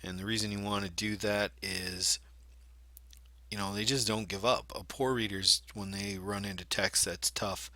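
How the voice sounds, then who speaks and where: Man with a bright, dry voice, teaching. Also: on the low side, level tone, normal speed, no room sound. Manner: explanatory, demonstrates by reading aloud. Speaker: reading teacher. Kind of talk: instructional video lesson.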